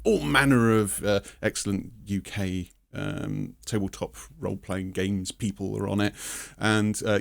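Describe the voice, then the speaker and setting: A man's voice: lowish voice, vocal fry, no room sound, studio quality. A British man, a podcaster, talking casually and hesitantly, repeating words. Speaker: player and podcaster. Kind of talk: casual chat.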